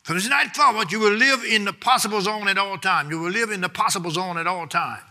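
Fervent, bright-voiced male preacher. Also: sits high, fast talker. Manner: fervent, rhythmic preaching with repetition and shouted peaks; informal, folksy phrasing. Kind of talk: sermon.

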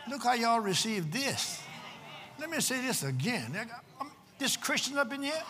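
A man preaching a sermon, swinging from shouts to low murmurs and repeating lines for emphasis. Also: big pitch swings, moderate pace. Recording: long hall reverb.

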